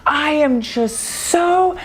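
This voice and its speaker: A man voicing a feisty little older woman shopkeeper who yells at troublemakers and coos at friends. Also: very high voice, animated, extremely slow, voice pushed up, heavily acted. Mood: sweet. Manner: yells sharply, then coos sweetly.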